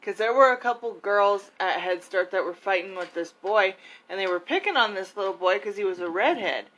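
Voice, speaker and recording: Young woman, casual chat, plain storytelling, mid-pitched voice. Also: lively intonation, a little fast, fairly bright tone, highs cut off. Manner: chiming in with short agreements, then recounting a story plainly.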